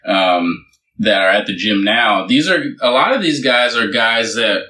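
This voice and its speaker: A man's voice: fairly low pitch, unhurried, pushed and bright, reverberant. A man co-hosting a podcast in loose, rambling casual chat, full of fillers and restarts. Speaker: podcast co-host.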